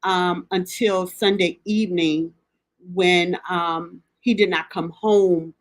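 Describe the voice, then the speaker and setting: Lower-voiced woman, halting and emotional. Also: steady tone, dry recording. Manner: halting, with frequent ums and restarts; emotional, near tears at times. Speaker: grief recovery coach and podcast host. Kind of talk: heartfelt personal address.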